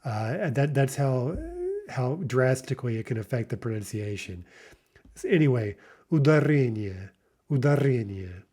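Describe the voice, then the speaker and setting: A man teaching a vocabulary lesson, saying each word slowly and repeating it, with patient explanations. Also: medium pitch, mellow, slightly rough. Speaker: language teacher.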